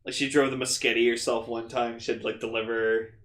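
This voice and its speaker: A man co-hosting a podcast in casual chat, excited and swearing often. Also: mid-range voice, brisk, reverberant. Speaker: podcast co-host.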